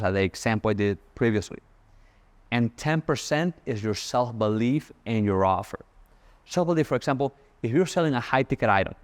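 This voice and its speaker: Casual man coaching sales. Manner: casual, punchy, acts out sample pitches. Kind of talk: motivational sales talk.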